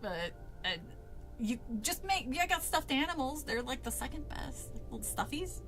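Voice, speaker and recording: High bright lady streamer reading a kids horror book, cusses and cracks jokes, faint music behind. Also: big pitch swings, normal speed, poor audio. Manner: swears and laughs, chats with viewers. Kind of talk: casual reading with commentary.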